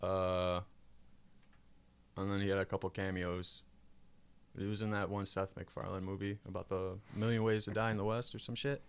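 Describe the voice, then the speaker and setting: Low-voiced joking podcast guy. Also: little pitch movement, moderate pace, clean tone. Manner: joking, easygoing. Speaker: podcast co-host. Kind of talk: casual chat.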